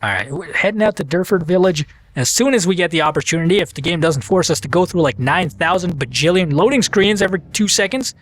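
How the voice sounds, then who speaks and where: A man's voice: sits high, expressive, fast, few pauses, fairly bright tone. A man hosting a let's play, chatting casually and playfully while he reads the game aloud. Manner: chatty, playful, self-mocking.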